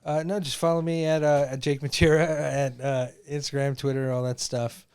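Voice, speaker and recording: A man's voice: medium pitch, flat delivery, moderate pace, a little mellow, smooth. A man guesting on a casual podcast, bashful and laughing easily. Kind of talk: casual chat.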